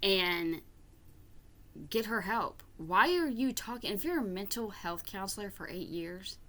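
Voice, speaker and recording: A woman's voice: medium pitch, animated, a little slow, fairly bright tone. A woman doing reaction commentary, ranting in exasperation, swearing and stumbling over repeated words. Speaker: reaction vlogger. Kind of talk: reaction commentary reading viewer comments aloud.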